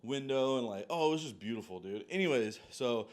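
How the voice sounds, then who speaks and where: Man, casual storytelling, profane, rambling, filler-heavy, animated tangents, mid-pitched voice. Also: brisk. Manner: animated, jumps between tangents.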